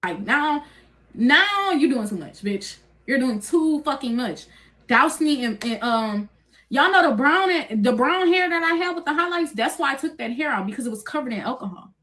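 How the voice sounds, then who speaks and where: A woman's voice: sits high, normal speed. A young woman telling a chaotic personal story to viewers, cursing freely and acting out what was said. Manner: profane, animated retelling, acting out quotes.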